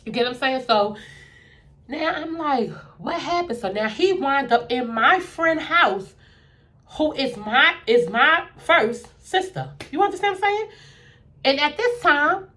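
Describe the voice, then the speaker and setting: A woman with a fairly high voice, telling a personal story in a lively, casual way. She acts out what everyone said and keeps checking that the listener is following. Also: a little slow. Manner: animated, acts out both sides of conversations. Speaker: storyteller vlogger.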